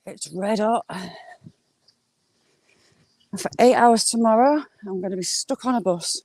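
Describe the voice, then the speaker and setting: A fairly high-pitched, darkish female voice, unhurried and broken by long pauses, recorded with no echo. It belongs to a middle-aged woman from northern England, accent a mix of Yorkshire, Geordie and Cumbrian, who is live-streaming a walk outdoors through rural fields. She talks casually and ramblingly to viewers, answering what they comment.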